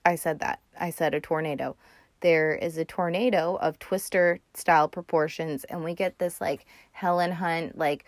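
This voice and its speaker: A woman's voice: on the low side, dry recording. Dry, chatty woman podcast host. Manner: rambling, profane, filler-heavy storytelling. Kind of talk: casual chat, retelling a movie.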